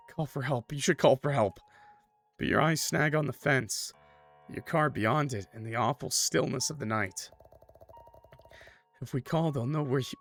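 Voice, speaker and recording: A man's voice: medium pitch, a bit bright. A man playing a horror game, reading its text aloud and chatting casually between passages. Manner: casual, laid-back, lots of "like" and "bro". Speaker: streamer. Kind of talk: let's play, reading game text with commentary.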